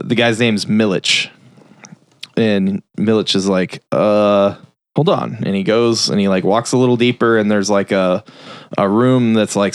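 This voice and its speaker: A man's voice: lowish voice, smooth, no echo, clean studio sound. A man casually retelling a film's plot on a review podcast, rambling and swearing with many fillers. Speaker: film review podcast host. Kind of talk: casual chat.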